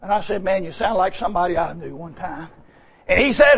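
A male preacher telling a story in a folksy sermon, swinging between hushed tones and shouts. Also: high voice, fairly quick, creaky, slightly rough.

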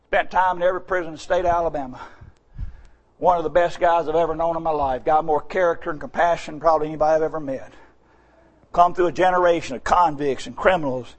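A middle-aged male pastor, preaching a sermon in a shouting cadence that drops to quiet storytelling. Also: on the high side.

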